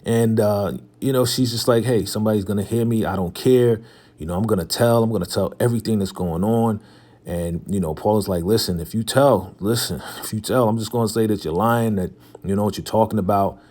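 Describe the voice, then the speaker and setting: Deep-voiced man recapping a TV episode. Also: a little fast, warm tone. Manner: retells scenes by quoting characters in loose paraphrase, chuckling often. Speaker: TV recap host. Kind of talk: casual episode recap and review.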